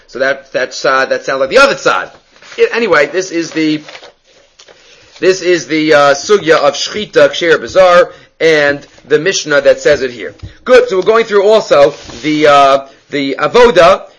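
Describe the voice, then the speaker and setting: A man with a bright, forceful voice pitched a little above most men's leads a Mishnah class. He explains each phrase step by step, mixing Hebrew terms into his English, and often thinks aloud before going on. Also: poor audio. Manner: thinks aloud with frequent fillers and restarts. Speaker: Torah teacher.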